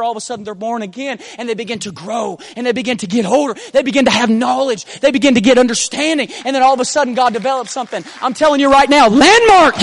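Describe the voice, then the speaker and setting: A man with a very high voice delivers an impassioned church sermon. He swings from quiet, low-key storytelling up to full shouts. He drives his points home with rapid-fire rhetorical questions. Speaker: preacher.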